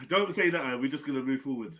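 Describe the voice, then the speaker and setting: A man's voice: mid-range voice, moderate pace, a bit bright. A man hosting a live online panel, bantering in slang and steering the talk. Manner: joking, slangy, keeps steering the chat. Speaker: host of a live panel stream. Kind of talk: casual group banter.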